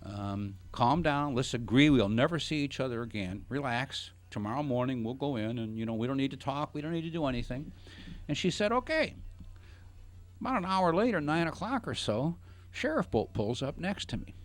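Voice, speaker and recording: This middle-aged radio talk show host, who is also a financial advisor, tells a lengthy anecdote full of jokes during a casual chat. His mid-range voice has lively intonation and a moderate pace, and he comes across as a playful, anecdotal storyteller.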